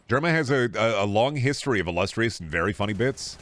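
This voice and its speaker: A man's voice: on the low side, animated, fast, hardly any pauses, a bit bright. A young male streamer riffing on his chat in a crude, sarcastic, casual way.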